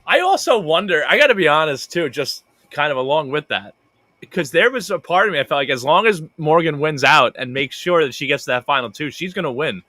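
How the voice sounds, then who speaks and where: A man with a high, bright voice for a man co-hosts a casual podcast. His pitch jumps around a lot as he thinks aloud, and the recording is dry and close. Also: expressive, a little fast, dry recording. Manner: thinking aloud, many fillers and restarts. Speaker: podcast co-host. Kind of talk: casual chat.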